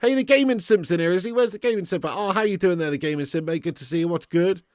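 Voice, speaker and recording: A man's voice: high voice, fast, no room sound, clean studio sound. A man hosting a live football watch-along, talking in sweary, laddish banter and laughing often as he commentates and chats with viewers. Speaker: live stream host.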